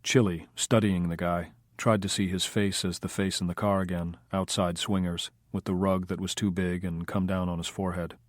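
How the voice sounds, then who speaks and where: A man narrating a crime audiobook in a steady, understated way. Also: deep voice, normal speed, few pauses, no echo, clean studio sound. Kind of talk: scripted narration.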